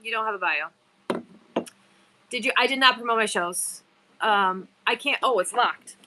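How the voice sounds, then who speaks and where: A woman's voice: on the high side, moderate pace, noisy background. A woman hosting a casual live-selling stream, chatting with viewers and reading their bios aloud. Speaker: live-stream seller host. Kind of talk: casual livestream chat.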